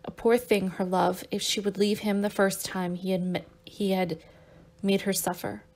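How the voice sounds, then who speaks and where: A woman narrating an audiobook in a steady, measured reading voice. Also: mid-range voice.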